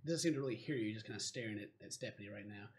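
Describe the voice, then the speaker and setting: A man's voice: on the low side, very fast. A man narrating as game master of a tabletop game, rambling with lots of fillers.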